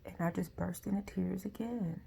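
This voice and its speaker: A woman telling a personal story in a soft, halting way, with frequent pauses and moments that sink to a near whisper. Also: on the low side, creaky, a little hiss or hum. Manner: often drops to a near whisper. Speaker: vlogger.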